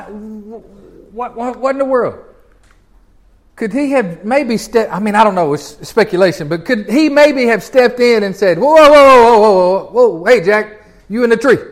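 High-voiced man teaching scripture. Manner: folksy, animated, chuckles often, restarts phrases. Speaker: pastor teaching a Bible class. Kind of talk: conversational Bible teaching.

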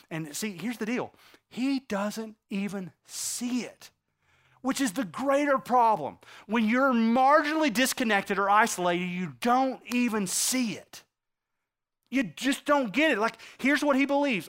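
A man preaching a sermon, acting out the quotes he reads and swinging between loud outbursts and hushed lines. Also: sits high, animated, a little slow.

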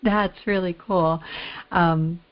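A woman hosts a podcast in a casual, gushing manner, leaning on fillers as she talks. Her voice sits a little low. The audio is dull and lo-fi. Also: steady tone, slow. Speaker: podcast host. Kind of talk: casual interview.

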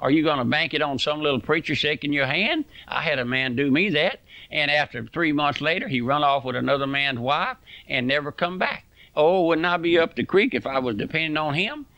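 A man preaches a fiery radio sermon, impassioned and full of folksy sayings. His voice is gravelly and sits a little high. The recording is dry and close. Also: a little fast, few pauses, pushed and bright, no echo.

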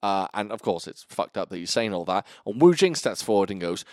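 A low-voiced man rambles through a film's plot on a casual podcast, swinging his pitch up and down. He swears freely as he tells the story. The sound is dry and close, with no room around it. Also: sing-song, a little fast, hardly any pauses, a little mellow, dry recording. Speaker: podcast co-host. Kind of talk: casual movie-review chat.

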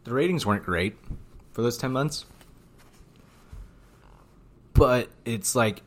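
A man's voice: medium pitch, lively intonation, normal speed. A man co-hosting a podcast in casual chat, blunt and teasing, ranting at times. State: out of breath. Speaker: podcast co-host.

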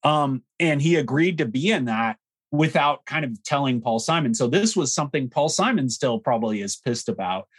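A man's voice: medium pitch, expressive, moderate pace, breathy edge. Male podcast co-host, casual and opinionated, loose delivery full of fillers. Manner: opinionated, frank, with many fillers. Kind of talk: casual chat about music history.

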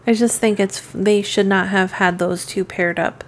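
A woman's voice: medium pitch, steady tone, moderate pace, slight background noise. A woman co-hosting a casual movie podcast, asking questions and adding dry remarks between her "um"s. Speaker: podcast co-host.

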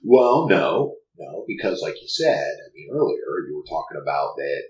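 A man's voice: rumbling low, moderate pace, distant mic, lo-fi sound. A man who runs tabletop games, chatting casually, starting sentences over and over as he tells stories. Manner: stammering restarts, lively storytelling. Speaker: game master. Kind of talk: casual podcast chat. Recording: roomy echo, from the mic.

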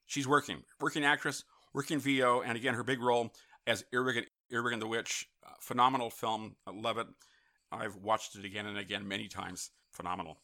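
Bright, chatty male radio host. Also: medium pitch, fairly even intonation, brisk. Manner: chatty and upbeat, with asides and self-amused jokes. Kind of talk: live talk radio hosting. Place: Los Angeles studio.

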